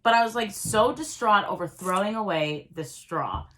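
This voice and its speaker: A woman telling a story in a casual chat, rambling and animated, with lots of filler words. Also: medium pitch, moderate pace.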